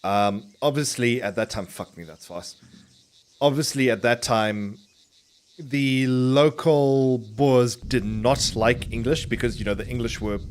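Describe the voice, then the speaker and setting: A male game streamer talks casually at a middling pitch while he plays. He rambles, breaks off and restarts his sentences, and swears often, but his words are crisply enunciated. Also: unhurried. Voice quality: clearly enunciated.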